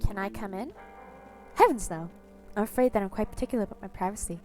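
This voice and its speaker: Woman putting on a pompous fussy gentleman. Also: mid-range voice, fast talker, soft background music, close to an everyday voice. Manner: pompous, fussy, ornate politeness.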